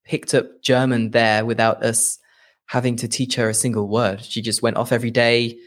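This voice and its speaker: A chatty man with an English Midlands accent, talking casually as a podcast guest. He laughs easily and jumps his voice up high when he acts out what others say. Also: little pitch movement, normal speed. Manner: chatty, laughs often, acts out quotes in a higher voice. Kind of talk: casual chat.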